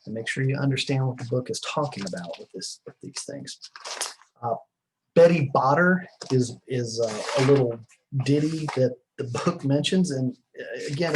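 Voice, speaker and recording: A man's voice: medium pitch, moderate pace, noisy background. A middle-aged man giving a recorded class lecture in a rambling, conversational way, with many fillers and restarts. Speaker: teacher.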